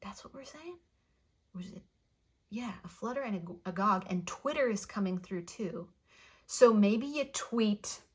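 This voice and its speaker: A woman giving a spoken tarot reading to her viewers, gentle and affectionate, playful, with her affirmations said twice over. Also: mid-range voice, a little slow, slightly rough. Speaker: tarot card reader.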